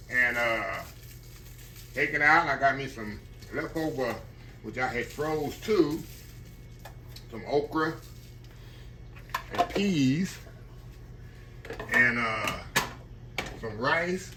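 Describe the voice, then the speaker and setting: A man talks his viewers through a home-cooked meal, folksy and chatty and never far from a "y'all". His voice sits at an everyday middle pitch. A steady hiss of background noise runs under the kitchen recording. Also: slow pace, long pauses. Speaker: cooking channel host. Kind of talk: casual cooking demonstration.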